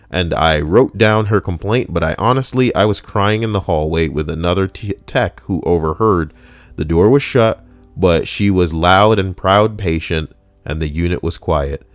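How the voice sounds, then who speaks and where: A man's voice: sits low, no room sound. A man streaming from home, reading stories aloud with wry, joking asides to his chat.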